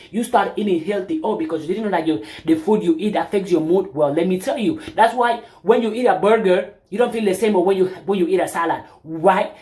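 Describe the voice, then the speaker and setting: Woman, mid-pitched voice, emphatic, preachy, rhetorical questions, opinion vlog monologue. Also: a little mellow. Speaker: channel host.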